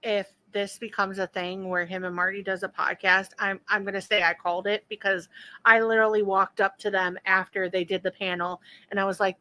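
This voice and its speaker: Enthusiastic woman host with a bright, forward voice. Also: medium pitch, flat delivery, dry recording, rough recording. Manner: enthusiastic, chatty, quick to laugh. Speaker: podcast host. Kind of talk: casual chat.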